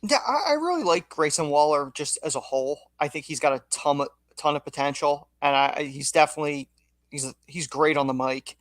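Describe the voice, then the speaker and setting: A man's voice: on the high side, animated, fairly quick, a bit bright, no room sound. A man co-hosting a casual wrestling podcast, offering his opinions with stammered restarts. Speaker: podcast co-host.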